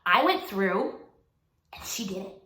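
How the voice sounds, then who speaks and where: A young woman in her twenties casually telling a personal story to camera, animated and laughing often as she acts out what people said. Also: mid-range voice, slow. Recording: echoey room with faint noise.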